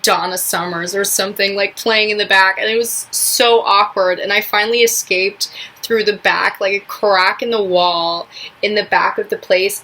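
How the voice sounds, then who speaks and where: A woman's voice: mid-range voice, sharp tone, rough recording. A young woman from New York chatting casually in a vlog, rambling with lots of filler words. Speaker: vlogger.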